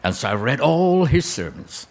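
A man's voice: medium pitch, very animated, moderate pace, darkish tone. A male preacher telling a story in a sermon, with a dramatic delivery that draws out quoted lines.

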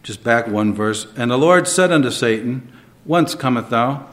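A man preaching a sermon, moving between quiet reflection and emphatic, rising delivery. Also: medium pitch, lively intonation, normal speed. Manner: dynamic, swings between soft and emphatic.

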